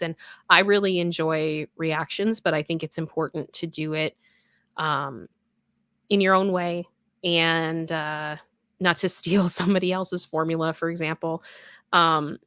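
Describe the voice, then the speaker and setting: A woman's voice: fairly low pitch, fairly bright tone, dry recording, clean studio sound. A young adult woman hosting a casual live stream, reading viewer comments and chatting in a rambling way with many fillers and restarts.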